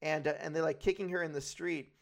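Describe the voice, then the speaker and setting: A man's voice: on the high side, fairly even intonation, fast talker, vocal fry. A man co-hosting a podcast in casual chat, rambling and swearing freely as he retells film scenes. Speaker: podcast co-host.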